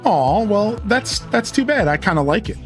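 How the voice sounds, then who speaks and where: A man voicing a young woman who argues with her boyfriend, in an exaggerated high-pitched voice. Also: sing-song, normal speed, faint music behind. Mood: defensive. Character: young woman dating a comedian, defensive then indignant.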